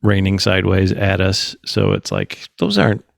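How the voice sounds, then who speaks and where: A man with a low, gravelly voice, hosting a casual podcast chat. He tells stories with energy and acts out the other people's lines. The sound is close and dry. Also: moderate pace, dry recording. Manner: animated storyteller, acts out quotes, swears casually. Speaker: podcast host.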